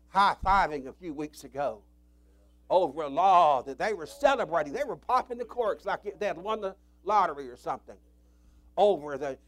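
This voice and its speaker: A male preacher delivering an impassioned sermon, swinging from loud cries to low murmurs.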